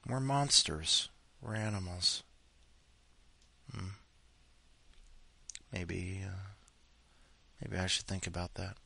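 A man's voice: deep voice, slow, creaky, pauses often, bright, forceful tone, slight background noise. A man hosting a storytelling podcast, rambling casually between stories and swearing freely. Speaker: podcast host.

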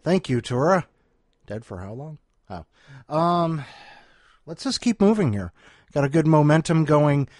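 A man's voice: fairly high pitch, big pitch swings, measured pace, long pauses, no room sound, clean studio sound. A man hosting a story podcast in a casual, rambling, self-deprecating way, chatting from home between segments. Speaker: podcast host. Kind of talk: casual chat. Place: at home, doing laundry with coffee.

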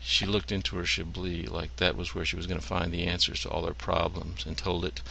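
Gravelly, deep-voiced man reading stories. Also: level tone, fairly quick, pushed and bright, slight background noise, rough recording. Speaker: story reader. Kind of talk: reading short stories aloud.

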